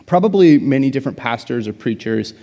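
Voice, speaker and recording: Gravelly-voiced man preaching in an echoing hall. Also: medium pitch, lively intonation, a little fast, mellow. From Canada. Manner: self-deprecating, joking, chatty with fillers. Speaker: guest pastor. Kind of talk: conversational sermon. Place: large church hall. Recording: reverberant church hall.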